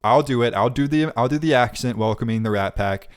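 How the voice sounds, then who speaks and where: A man's voice: medium pitch, fairly quick, smooth. A man in his twenties co-hosting a podcast, chatting casually and riffing on jokes with frequent laughs. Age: 20s. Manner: joking, rambling bits with frequent laughs. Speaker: podcast co-host. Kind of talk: casual chat.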